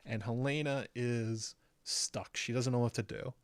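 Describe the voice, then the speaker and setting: A man's voice: medium pitch, fairly even intonation, unhurried, clean tone, no room sound. A man hosting his own channel, casually breaking down an episode with frequent "um" fillers. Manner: conversational, frequent "um" fillers, recapping plot step by step. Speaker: YouTube show host.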